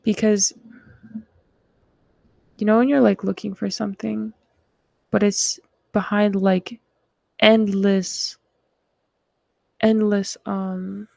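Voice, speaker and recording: A woman with a gravelly, fry-laced voice talks slowly and loosely on her live stream, trailing off into fillers and restarts. The sound is dry and close, with no room around her. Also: medium pitch, little pitch movement, dark tone, no room sound. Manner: frustrated, rambling, many fillers. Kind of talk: casual live stream chat.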